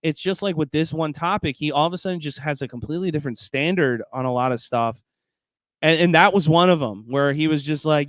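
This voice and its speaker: Bright-voiced, excitable male guest. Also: on the high side, a little fast, dry recording. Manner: excitable, laughs often, heavy use of fillers. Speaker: interview guest. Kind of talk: casual conversation.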